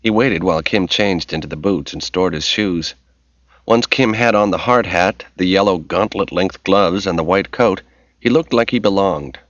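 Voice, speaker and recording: A man narrating an audiobook in a steady, measured reading voice. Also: low voice, no room sound. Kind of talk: scripted narration. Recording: dull lo-fi recording.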